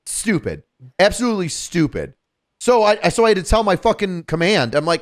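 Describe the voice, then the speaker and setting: A man in his thirties tells a story on a podcast in a loose, swearing, animated manner. His voice sits a little high for a man, and he gets loud and exasperated as he goes. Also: brisk. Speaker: podcast co-host telling a story. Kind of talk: casual storytelling chat.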